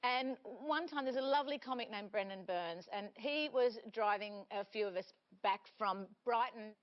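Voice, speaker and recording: An Australian woman in her forties, a comedic guest telling animated, laughing anecdotes on a TV panel show. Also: medium pitch, normal speed. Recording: dull lo-fi TV audio.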